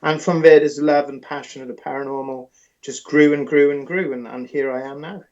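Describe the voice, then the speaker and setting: A man from Britain telling stories in an interview as a paranormal author, animated and rambling with restarts. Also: fairly high pitch, fairly quick, dull audio. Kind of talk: interview storytelling.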